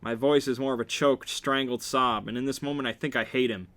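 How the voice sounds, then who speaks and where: A man's voice: mid-range voice, fairly even intonation, brisk, a bit bright. A man reading a novel aloud, with wry, joking asides. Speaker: reader.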